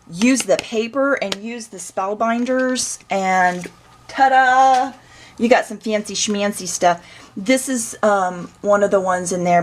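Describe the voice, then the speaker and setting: Woman, slightly high voice, chatty, folksy, casual show-and-tell. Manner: chatty, folksy, trailing off and searching for words. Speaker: crafter showing her scrapbook.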